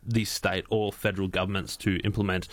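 A man's voice: sits low, little pitch movement, fairly quick, no room sound. A man with an Australian accent reading radio news, stumbling and laughing when his co-host distracts him. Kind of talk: reading news with casual banter.

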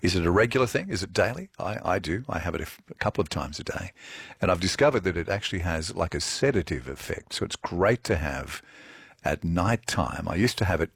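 A man's voice: low-pitched, lively intonation, a little fast, vocal fry, husky, dry recording. A man presenting a radio show, chatty and jokey between segments.

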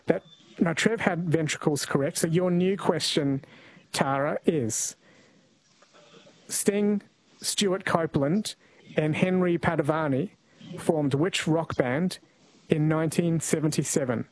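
A man's voice: a little high, slow, long pauses, low-quality recording. A man hosting a radio call-in quiz, chatting casually with callers and often correcting himself mid-sentence. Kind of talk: casual talkback radio chat.

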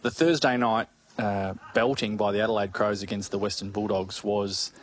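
A man's voice: fairly low pitch, steady tone, moderate pace. Chatty Australian man, rambling and self-mocking. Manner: rambling, self-deprecating, many restarts and chuckles. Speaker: radio co-host. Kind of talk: casual sports radio chat.

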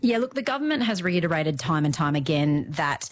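A woman's voice: sits low, big pitch swings, brisk. A woman reporter answering interview questions in a fluent, explanatory way. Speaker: disability affairs reporter. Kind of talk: live news interview answers.

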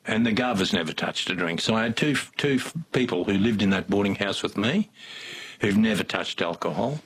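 A man's voice: lowish voice, expressive, normal speed, a bit bright, slight background noise. An older man with an Australian accent, telling rambling, folksy stories as an interview guest. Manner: rambling, folksy, with many restarts. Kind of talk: casual storytelling.

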